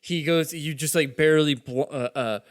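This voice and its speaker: A man running a tabletop game as game master, talking in a casual, halting way with plenty of "um" and "like." His voice sits a bit higher than most men's. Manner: loose, halting narration with fillers and laughs.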